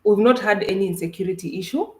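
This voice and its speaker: A woman's voice: mid-range voice, quick pace, dark tone, echoey room, rough recording. A woman from Kenya, a travel vlogger, chatting casually and animatedly with her co-host about her trip, with frequent restarts. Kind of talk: casual livestream chat.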